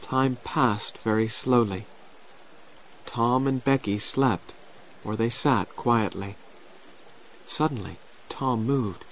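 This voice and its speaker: A man narrating a children's storybook in a slow, clear and expressive way. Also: mid-range voice.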